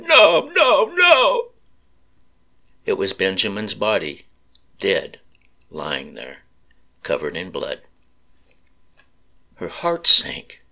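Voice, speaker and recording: A man slowly narrating a sad story in a solemn reading voice. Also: low-pitched, bright, forceful tone.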